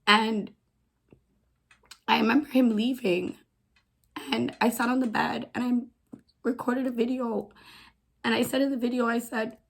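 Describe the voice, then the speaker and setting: Woman vlogger, personal story, halting delivery, fillers, low hushed voice at times. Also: steady tone, creaky. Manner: halting, repetitive, many "like" fillers.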